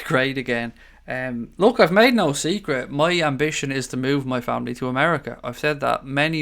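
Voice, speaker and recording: This Irish host, a grown man with young kids, runs a laid-back live stream where he reads out comments from viewers and calls them mate and buddy. He speaks in a smooth, mid-range voice with a fairly bright quality.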